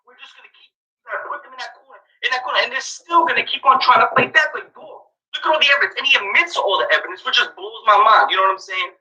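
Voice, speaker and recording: Bright, fast-ranting profane young man. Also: extremely high pitch, distant mic, highs cut off. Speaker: commentary YouTuber. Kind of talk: ranting commentary.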